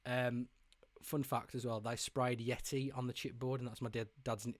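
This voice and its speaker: A man's voice: medium pitch, normal speed, no room sound. A man hosting a podcast, chatting casually and cracking jokes. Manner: relaxed, joking interviewer. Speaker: podcast host.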